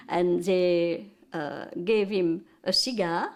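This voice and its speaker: Older Belgian French-accented woman, French native, slow unhurried delivery, halting, hunting for English words. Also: medium pitch, darkish tone. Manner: halting, searches for English words, many restarts. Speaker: interviewee. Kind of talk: recounting wartime memories.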